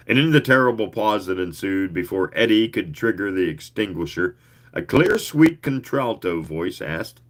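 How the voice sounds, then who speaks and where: Male storyteller, low voice, lively pitch, unhurried reading, adds little asides. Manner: leisurely, expressive reading with asides. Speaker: reader.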